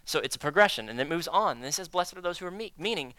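A man preaching a sermon, acting out prayers and inner dialogue with God, swinging between loud emphasis and hushed, slow phrases. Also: on the high side, animated, no room sound. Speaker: pastor.

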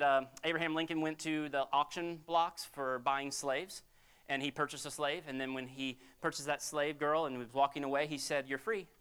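A man's voice: a little high, a bit bright, clear, resonant tone. A man preaching a sermon as a pastor, in a conversational, emphatic storytelling way.

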